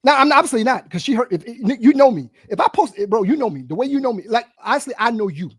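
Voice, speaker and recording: A man co-hosting a podcast in casual chat, rambling and animated, full of fillers and repeated "bro,". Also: extremely high pitch, fast, breathy edge, no echo, studio quality. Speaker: podcast co-host.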